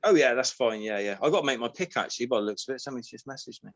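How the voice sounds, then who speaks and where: A man's voice: medium pitch, animated, very fast, a bit bright, dry recording. A man in a casual call chat, rambling and mocking himself. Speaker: league member on a call.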